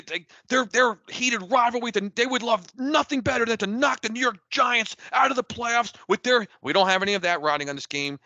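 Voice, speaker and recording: A man's voice: sharp tone, dry recording. A man co-hosting a casual sports podcast, fired up, stammering and restarting as he rants. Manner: fired-up, stammering restarts, rising pitch when heated. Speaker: podcast co-host.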